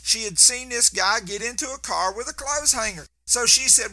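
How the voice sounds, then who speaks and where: A man's voice: extremely high pitch, moderate pace, few pauses, pushed and bright, soft background music. A man preaching a sermon, telling folksy stories and often stumbling and restarting his words. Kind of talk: sermon with storytelling.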